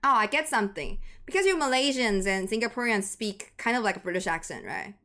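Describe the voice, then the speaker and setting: A woman from Taiwan with a Taiwanese accent, a native Mandarin speaker, doing chatty, excitable live esports commentary in English. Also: a little high. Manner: excitable, chatty, quick to laugh and gasp. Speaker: esports caster.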